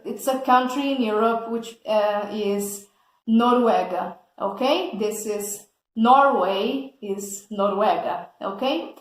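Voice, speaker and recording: Woman teacher, slow and patient, slightly high voice, echoey room, checks in often with "okay?". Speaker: English teacher. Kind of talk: explaining vocabulary in an English lesson.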